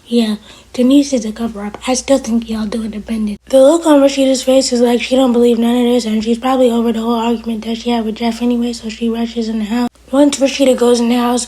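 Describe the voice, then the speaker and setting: Husky-voiced woman recapping a TV episode. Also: fairly high pitch, warm tone, low-quality recording. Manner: retells scenes with quoted lines, often drops to a whisper. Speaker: TV episode reviewer. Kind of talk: casual recap.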